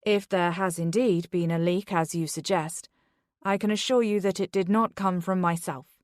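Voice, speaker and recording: A woman's voice: lowish voice, steady tone, moderate pace, dry recording, lightly acted. Officious female detective in a crime audiobook, firm and clipped, close dry read, done by a woman reader. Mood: formal. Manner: formal, clipped.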